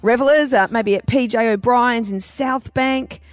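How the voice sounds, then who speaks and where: A woman's voice: a little high, unhurried, no echo. A woman co-hosting breakfast radio in a studio, chatty and laughing often, with rambling restarts. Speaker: radio co-host. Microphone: studio microphone.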